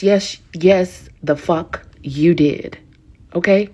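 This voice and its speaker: A woman's voice: fairly low pitch, slow pace, dark tone. A woman delivering a sarcastic mock live report, mocking and scornful. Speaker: social media commentator. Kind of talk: mock news report rant.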